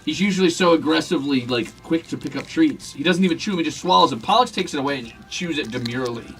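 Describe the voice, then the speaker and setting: A man's voice: a little high, lively intonation, fast talker, a bit bright, soft background music. A young man streaming, talking to and scolding his cats in a playful, teasing way. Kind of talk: casual chat with pets on stream. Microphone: desk mic.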